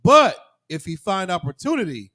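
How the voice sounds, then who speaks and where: A man with a high voice reads scripture aloud to a class, steady and plain. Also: normal speed. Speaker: scripture reader.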